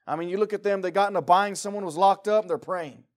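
A man preaching a sermon to his congregation, swinging between loud emphatic passages and quiet, intense rhetorical questions. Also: high voice, fast talker. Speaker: pastor. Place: church meeting room.

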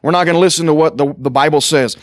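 A man's voice: fairly high pitch, quick pace, dry recording. A man preaching a sermon to a congregation in a conversational way, with sarcastic asides and acted-out quotes. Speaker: pastor.

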